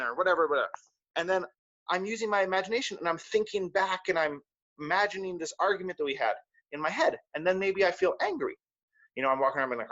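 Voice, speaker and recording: A man's voice: high voice, lively intonation, quick pace, bright, forceful tone, no room sound, lo-fi sound. A martial arts teacher, a man, giving a playful lesson to children and acting out little voices. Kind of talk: talk to children in class. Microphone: livestream mic.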